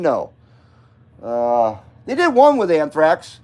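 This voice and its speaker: A man's voice: a little high, expressive, unhurried, a little mellow. A man hosting a late-night live stream, chatting loosely and cussing as he greets viewers by name and talks about his radio gear. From Nevada, US. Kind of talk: casual rambling live-stream chat.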